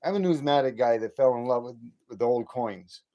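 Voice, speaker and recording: A man's voice: medium pitch, a little fast, mellow, highs cut off. A man in his late fifties hosting a late-night livestream, ranting and rambling with many repeats and restarts. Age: 50s. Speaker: livestream host.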